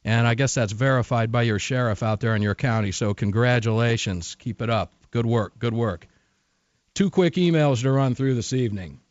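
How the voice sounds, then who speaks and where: A man's voice: medium pitch, normal speed, dry recording, muffled recording. A man hosting a radio talk show, reading listener emails and talking with a guest in an emphatic, conversational way that repeats phrases for stress.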